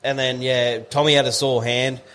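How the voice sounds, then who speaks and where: An Australian man in casual podcast chat, telling a story in a relaxed way with swearing and laughs. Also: medium pitch, moderate pace, a little hiss or hum.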